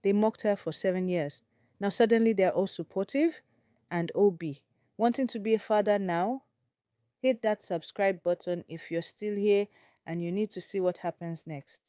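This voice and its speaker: A woman's voice: medium pitch, normal speed, mellow, clear, resonant tone, no room sound, studio quality. A woman storyteller narrating a dramatic folktale with suspense.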